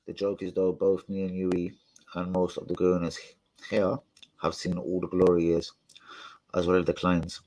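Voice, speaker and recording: A man's voice: deep voice, completely flat delivery, normal speed, mellow, a little hiss or hum, rough recording. Slangy man rambling on a stream. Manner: slangy, rambling, profane storytelling. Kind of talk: live stream chat.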